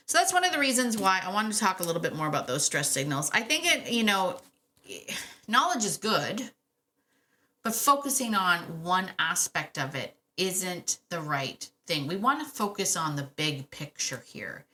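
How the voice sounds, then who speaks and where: Lady dog trainer on her podcast, bright punchy voice, lively, says things twice. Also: mid-range voice, moderate pace. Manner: animated, emphatic, repeats key points, laughs often. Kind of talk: casual solo podcast advice.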